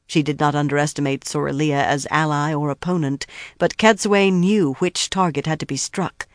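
An audiobook narrator reading fantasy prose in a steady, even storytelling manner. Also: medium pitch, moderate pace, no room sound, clean studio sound.

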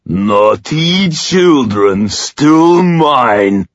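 A man voicing a hulking, greedy male troll in an audiobook, with a gravelly, rumbling voice, broken speech and slow, drawn-out bellowing. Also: animated, dry recording, lo-fi sound. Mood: menacing. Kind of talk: audiobook character voice.

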